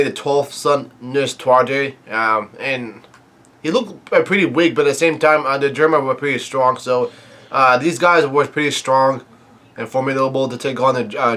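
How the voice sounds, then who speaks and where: A man talks through a comic chapter in a loose, unscripted recap, stopping often for fillers and restarting his sentences. His voice is bright with a forceful edge and sits at an ordinary pitch for a man. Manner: rambling, many "uh" fillers and restarts. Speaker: manga chapter reviewer. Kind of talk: casual manga recap, reading panels aloud.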